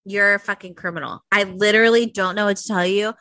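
Casting: young woman podcast co-host, animated and profane, dry close mic. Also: mid-range voice, fast, no room sound. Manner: animated, profane, squeals for quoted voices. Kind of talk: casual chat.

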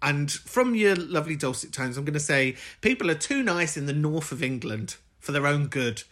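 A woman's voice: deep voice, animated, moderate pace, fairly bright tone. A woman hosting a podcast, chatting casually about listener messages, swearing freely and laughing often. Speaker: podcast host.

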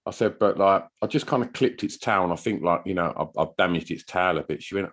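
A man's voice: sits low, fast talker, few pauses, fairly bright tone. A man, co-hosting a podcast, chatting casually and telling rambling stories with some swearing. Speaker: podcast co-host. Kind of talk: casual chat.

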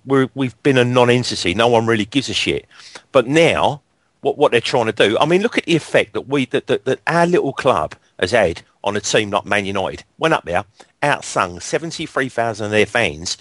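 A man's voice: mid-range voice, fairly bright tone, dry recording. A man hosting a football fan talk show, blunt and sweary, getting worked up about his club. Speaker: radio show host. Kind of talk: casual fan chat.

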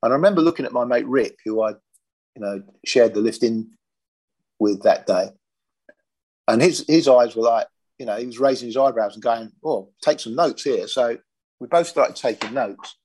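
A man's voice: mid-range voice, moderate pace, pauses often, darkish tone, breathy edge. An older man from Britain, a former police firearms officer, telling his story in a plain-spoken, matter-of-fact interview.

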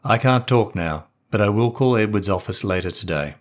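Man playing a middle-aged wife, flat, matter-of-fact, no-nonsense, storybook. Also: lowish voice, moderate pace, lightly acted. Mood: curt.

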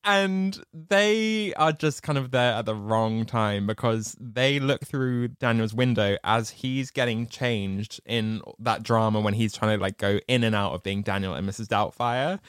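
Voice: medium pitch, unhurried, a bit bright, smooth, no echo, clean studio sound. A podcast co-host, telling stories in a rambling, casual way. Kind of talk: casual film chat.

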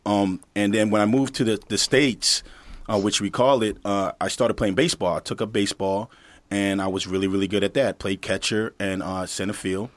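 A man's voice: fairly low pitch, steady tone, normal speed, no room sound. A middle-aged man from the Virgin Islands, co-hosting a podcast in casual chat, telling stories with laughter and acted-out quotes. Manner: storytelling, laughs often, acts out quotes. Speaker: podcast co-host, football coach.

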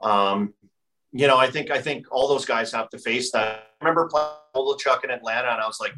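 Chatty ex-player, bright distant-sounding voice. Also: male voice, mid-range voice, a little fast. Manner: rambling, heavy use of filler "like". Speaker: podcast guest, former hockey player. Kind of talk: casual storytelling chat.

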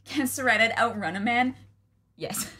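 Bright, chatty woman with a giggle. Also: a little high, moderate pace. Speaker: podcast co-host. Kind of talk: casual book-club chat.

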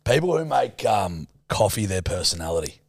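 This is a gravelly man ribbing his podcast co-host with crude jokes. His pitch swings widely as he talks. The sound is close and dry. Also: very animated, moderate pace, dry recording. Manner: crude, teasing, laughs a lot. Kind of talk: casual banter.

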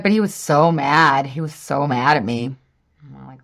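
A woman's voice: deep voice, expressive, normal speed. A woman in her thirties hosting a casual solo podcast, chatty and full of "like", laughing at herself. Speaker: podcast host.

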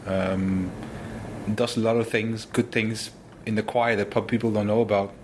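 A man, a former footballer, telling stories in an interview, animated and full of exclamations. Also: lowish voice, normal speed, background noise. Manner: animated, exclaims often, restarts sentences. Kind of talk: casual interview storytelling.

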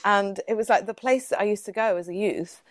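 A woman's voice: medium pitch, brisk, dry recording. A woman in her thirties telling a funny story in a casual chat, laughing often and acting out the people she quotes. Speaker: guest.

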